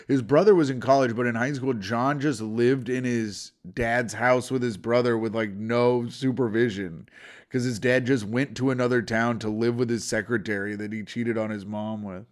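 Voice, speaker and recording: A man co-hosting a podcast in casual chat, telling rambling, profane stories full of "like". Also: mid-range voice. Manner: rambling, profane storytelling with lots of "like". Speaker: podcast co-host.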